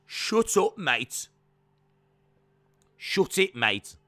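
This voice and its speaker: A man doing an impression of a slow-talking, gruff male wrestler with a Birmingham accent. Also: high voice, very animated, fairly bright tone, no echo, voice pushed up, heavily acted. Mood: snarling. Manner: slow drawn-out words, gruff.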